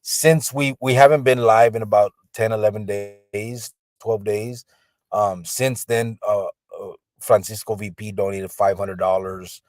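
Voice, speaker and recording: A man's voice: on the low side, fairly even intonation, measured pace, darkish tone, no room sound. A man hosting a casual livestream from a car in the rain, laid-back and swearing easily. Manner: laid-back, reads viewer comments aloud, swears casually. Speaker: podcast host.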